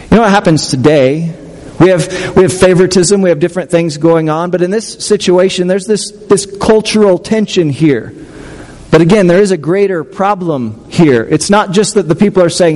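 A man with a notably high voice delivers a sermon, chatty and conversational, often restarting phrases and asking his congregation questions. His words ring out with the long reverb of a church hall. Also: normal speed, darkish tone. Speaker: pastor.

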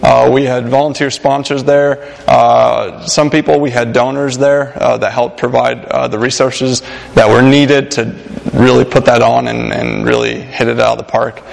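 A man's voice: mid-range voice, little pitch movement, normal speed, creaky. A young man preaching a sermon in a church, casual and joking with many fillers. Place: church sanctuary. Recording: long hall reverb.

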